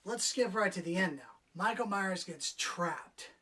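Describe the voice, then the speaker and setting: A woman's voice: mid-range voice, expressive, measured pace, fairly bright tone, breathy edge, far from the mic. A woman giving a casual, sarcastic movie review, swearing freely and mocking the characters. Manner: sarcastic, profane, acts out characters' lines. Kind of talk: casual spoken film review.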